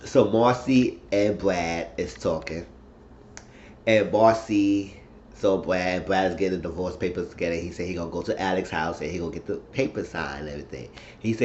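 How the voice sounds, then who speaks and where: A man casually recapping a TV episode in a slangy, animated way, acting out what the characters said. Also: low-pitched, normal speed. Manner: animated, slangy retelling that acts out the quotes. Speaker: TV recap vlogger. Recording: muffled lo-fi with faint hiss.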